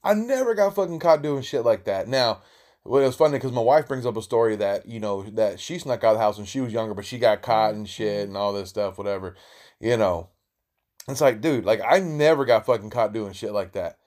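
A man's voice: lowish voice, brisk, darkish tone. A man hosting his own podcast and telling stories in a casual, rambling way, full of swearing and slang. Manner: profane, rambling, slangy, with many restarts. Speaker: podcast host. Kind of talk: casual storytelling monologue.

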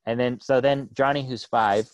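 A man's voice: mid-range voice, fairly even intonation, normal speed, no room sound. A man in his thirties chatting casually as a podcast co-host, rambling with lots of "like" and "right?" and laughing often. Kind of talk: casual chat.

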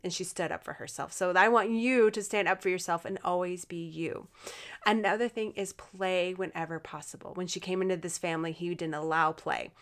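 A woman's voice: on the low side, fairly even intonation, fairly quick. A woman giving a casual motivational talk, speaking earnestly and encouragingly to her listeners, with plenty of fillers and restarts. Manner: chatty with frequent fillers and restarts.

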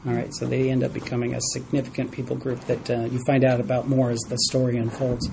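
Mellow-voiced man teaching a Bible study. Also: medium pitch, monotone, fast, creaky, slight background noise, poor audio. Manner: repeats key words for emphasis, asks the group questions. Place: room with a small study group.

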